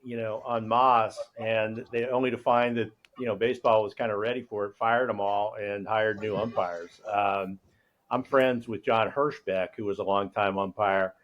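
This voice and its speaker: A middle-aged man hosting a casual interview, telling lively anecdotes. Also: fairly low pitch, normal speed, muffled recording. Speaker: host. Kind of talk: casual chat.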